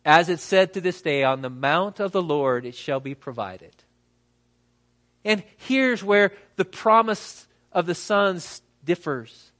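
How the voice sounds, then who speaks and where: High-voiced man preaching a sermon. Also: lively intonation, a bit bright. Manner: preaching with dramatic pauses and voiced quotes. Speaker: pastor.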